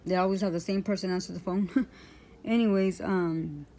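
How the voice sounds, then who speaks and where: Brief: woman in a vlog rant, lowish voice, aggrieved, rambling with lots of ums. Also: steady tone, normal speed, dark tone, a little hiss or hum. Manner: rambling, full of fillers and restarts; aggrieved, indignant. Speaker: vlogger. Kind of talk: personal storytelling rant.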